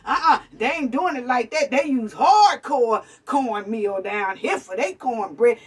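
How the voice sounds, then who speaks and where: A woman's voice: high voice, slightly rough, far from the mic. A woman raised in New York, giving a blunt, profane, preachy commentary rant straight to her viewers, calling them family and honey. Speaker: commentary vlogger. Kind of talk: ranting commentary.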